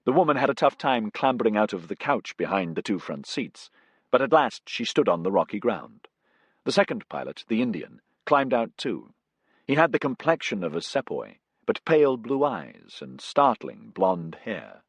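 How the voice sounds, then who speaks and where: Man narrating an audiobook, low voice, husky, lively melody, dry close sound. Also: no room sound. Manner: measured storytelling. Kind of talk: scripted narration.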